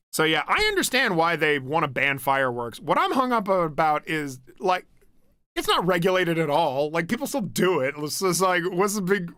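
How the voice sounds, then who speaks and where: With a fairly high, pushed and bright voice and no room sound in the studio-quality audio, a young American streams from home. He reads comments in loose, casual chat, restarting thoughts, swearing and laughing readily.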